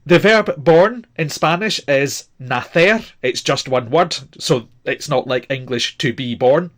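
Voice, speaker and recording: A language teacher in his forties gives a grammar lesson, patient and methodical, spelling out words letter by letter and using frequent fillers. His voice is a little high, fairly bright, and unhurried.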